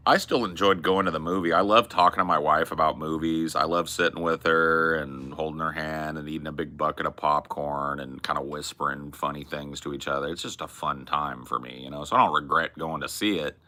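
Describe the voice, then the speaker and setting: A man's voice: extremely low pitch, fairly quick, sharp tone. A man hosting a podcast, riffing in casual, profane and emphatic chat about movies. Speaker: podcast host.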